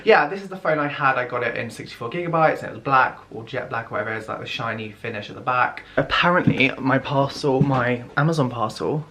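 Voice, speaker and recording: A young man chatting through a casual unboxing vlog, excitable, gasping and often dropping to a whisper. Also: medium pitch, quick pace, few pauses. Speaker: vlogger.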